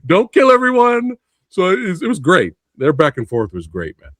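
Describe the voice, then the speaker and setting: A young man hosting a podcast interview in casual chat, excitable and quick to laugh. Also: medium pitch, slightly rough, no room sound. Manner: excitable, laughs often, calls guest bro and dude. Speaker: podcast host.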